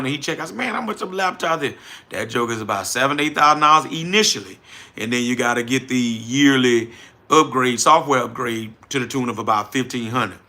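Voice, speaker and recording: A middle-aged man with a New Orleans accent hosting a casual livestream, folksy and animated as he answers viewers directly. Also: a little high. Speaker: livestream host, trucking business owner.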